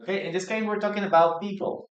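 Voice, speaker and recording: A man's voice: high voice, fairly even intonation, quick pace, muffled recording. A man teaching a live online English lesson, patiently repeating words and quizzing his viewers in the chat. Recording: roomy echo.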